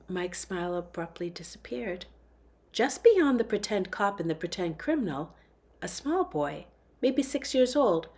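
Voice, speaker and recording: A woman reading a novel aloud in a steady storytelling manner. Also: mid-range voice. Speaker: book reader.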